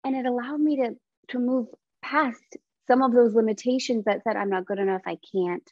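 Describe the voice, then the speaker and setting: A woman's voice: fairly high pitch, steady tone, moderate pace, dry recording. A woman being interviewed, speaking earnestly and reflectively, acting out inner thoughts as quoted lines. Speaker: guest, business founder. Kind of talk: casual interview conversation. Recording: slightly dull, lo-fi sound.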